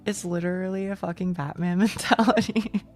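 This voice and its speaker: A woman's voice: on the low side, steady tone, moderate pace, faint music behind. A young woman streaming, chatting casually with viewers, rambling and swearing with frequent laughs.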